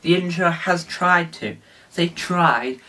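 A man's voice: sits high, slow, sharp tone, far from the mic. A man hosting a casual tutorial vlog, rambling and restarting with many fillers. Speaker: video host.

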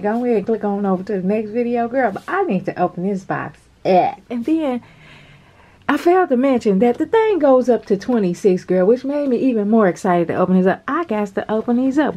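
Excitable chatty woman with a higher voice. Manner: chatty, excitable, calls viewers girl and y'all, laughs often. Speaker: nail art vlogger. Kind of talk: casual unboxing chat to camera.

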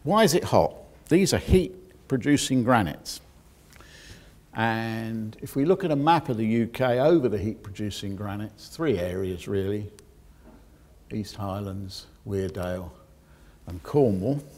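A geoscientist giving a public lecture, explaining technical details with dry asides to the audience. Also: male voice, fairly low pitch, animated, unhurried, a little mellow.

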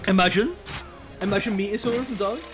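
A young man from Birmingham with a Birmingham accent, chatting excitably and in slang while streaming a game. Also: sits high, fast, music in the background. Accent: Birmingham English. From Birmingham, England. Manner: excitable, slangy, many hums of agreement. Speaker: live streamer. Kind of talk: casual gaming stream chat.

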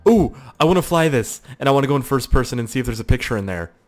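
A man giving excitable let's-play commentary on a flight game, swearing and laughing at his own crashes. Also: mid-range voice, racing. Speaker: gaming YouTuber.

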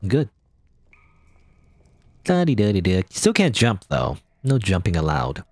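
A man hosting a let's play, reading game dialogue aloud and commenting in a playful, animated way. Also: fairly low pitch, unhurried, no echo. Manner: animated, playful, voices characters.

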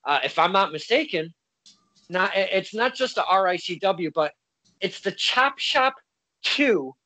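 A man's voice: sits high, lively intonation, a little slow, sharp tone, no room sound, poor audio. A man hosting a casual interview, speaking politely with frequent stumbles and restarts. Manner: hesitant, stumbling, polite phrasing. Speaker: interview host.

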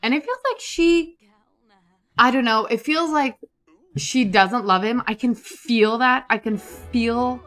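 A woman giving casual, chatty commentary over a life-simulation game, excitable and prone to repeating herself. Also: on the high side, takes it slowly. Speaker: gaming YouTuber. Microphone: desktop USB microphone.

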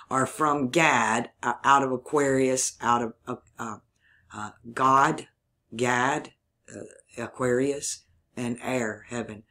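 A man's voice: medium pitch, slow, fairly bright tone. A man from Mississippi with a Southern drawl, talking through a rambling solo monologue, thinking aloud and spelling words out letter by letter. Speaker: video channel host.

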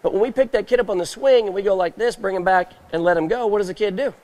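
A high-pitched man with a drawl teaches roping on a trade show stage. His talk is folksy, and he keeps firing questions at the crowd and acting out little scenes. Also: quick pace, a little mellow. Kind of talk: live demonstration talk to a crowd. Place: indoor trade show stage, live audience.

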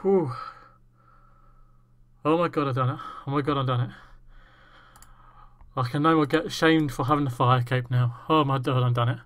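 A gaming YouTuber, a man, trembling with excitement and repeating himself, swearing in overjoyed gameplay commentary. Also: mid-range voice, moderate pace, pauses often.

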